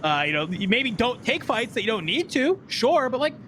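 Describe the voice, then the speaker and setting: A woman casting a live esports broadcast, chatty and animated, often laughing as she breaks down the standings. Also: on the high side, normal speed, slight background noise. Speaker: esports caster.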